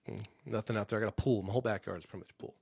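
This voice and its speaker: A man hosting a comedy podcast live stream from home, telling a rambling, profane story in a casual, animated way. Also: on the low side, racing, creaky, slightly rough. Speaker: podcast host.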